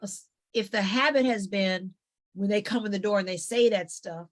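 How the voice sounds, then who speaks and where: A woman psychologist talking as an interview guest, giving lively conversational advice and acting out little family dialogues. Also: mid-range voice, moderate pace. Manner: animated, acts out family dialogues with quoted voices.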